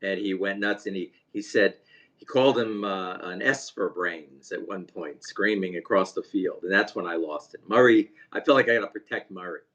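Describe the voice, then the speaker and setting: Male co-host, low voice, relaxed and laughing, lo-fi audio. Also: normal speed. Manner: easygoing, laughs often. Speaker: podcast co-host. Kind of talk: casual sports chat. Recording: dull lo-fi sound.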